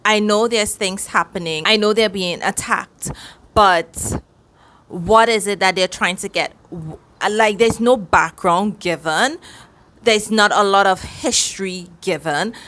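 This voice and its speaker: A woman talks through a book she is reading, in a relaxed vlog chat. She speaks at an unhurried pace, with a voice of middling pitch. She turns excitable and cheers out loud as she talks. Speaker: book reviewer. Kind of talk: casual reading vlog review.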